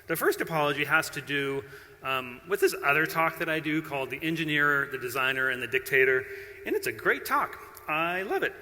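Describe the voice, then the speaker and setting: A man's voice: on the high side, animated, fairly quick, pushed and bright. A middle-aged man giving a conference talk, playful and self-deprecating, bantering with the audience. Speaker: conference keynote speaker. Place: large conference hall. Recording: long hall reverb.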